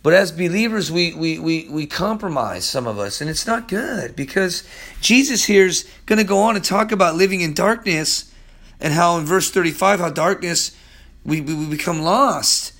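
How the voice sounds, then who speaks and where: Male pastor, high voice, a bit strained from the weather; casual, conversational Bible teaching. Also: expressive, normal speed, fairly bright tone. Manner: loose, chatty, peppered with "man". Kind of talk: casual Bible-study sermon.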